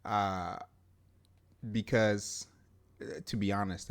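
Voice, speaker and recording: A man with a fairly low voice co-hosts a casual podcast. He talks in an animated, emphatic way, pushing his points and laughing often. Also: moderate pace. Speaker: podcast co-host. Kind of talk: casual chat.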